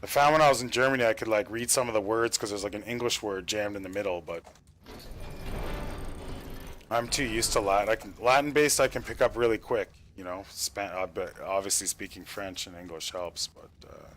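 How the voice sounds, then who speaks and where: A man's voice: on the low side, a little fast, fairly bright tone. A young man from Canada chatting casually while streaming a game as server admin, rambling with filler and casual swearing. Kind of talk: casual gameplay stream chat.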